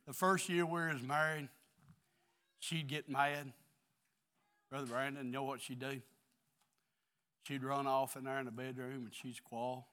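A middle-aged man preaching an earnest, confessional sermon in a church, swinging between quiet stretches and loud ones. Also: medium pitch, steady tone, unhurried, pauses often, smooth. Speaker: pastor.

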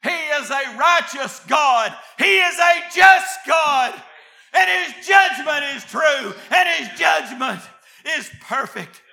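High-pitched preacher, shouting sermon. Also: male voice, animated, slow pace, creaky. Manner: swings from low murmured scripture reading to shouted exhortation. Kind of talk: fiery sermon.

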